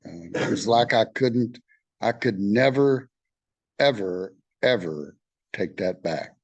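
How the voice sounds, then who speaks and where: A Texan man, middle-aged, speaks to a study group in a lowish voice, recorded dry and close with no room around him. He moves between reading passages aloud and telling his own story. He talks candidly and haltingly, with plenty of fillers and restarts. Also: expressive, slightly rough, no echo, highs cut off. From Texas. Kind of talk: study talk, reading aloud and personal sharing.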